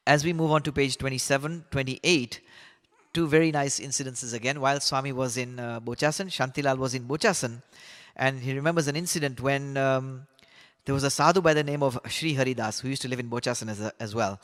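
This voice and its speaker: A man telling stories from a biography as a class teacher, in a relaxed, conversational way with fillers and restarts. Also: mid-range voice, brisk. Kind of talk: storytelling lesson on a biography. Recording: long hall reverb.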